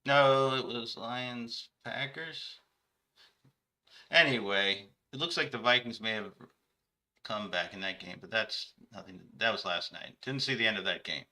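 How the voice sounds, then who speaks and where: A man's voice: lowish voice, measured pace, pushed and bright. A man hosting a comedic sports talk show, rambling through his points with self-corrections. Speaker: show host.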